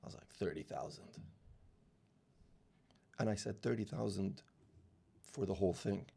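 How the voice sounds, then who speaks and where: Low-pitched and gravelly with a breathy edge, he talks at a moderate pace. He is a real estate founder in his forties who grew up in the UAE, and in this storytelling interview he acts out dialogue through animated anecdotes, restarting his sentences many times.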